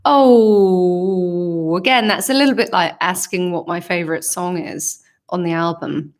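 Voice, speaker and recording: A woman's voice: fairly low pitch, unhurried. A woman with a southern English accent, chatting casually on a livestream Q&A, reading fan comments aloud and answering in a reflective, hesitant way with many ums. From England. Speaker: singer answering fan questions.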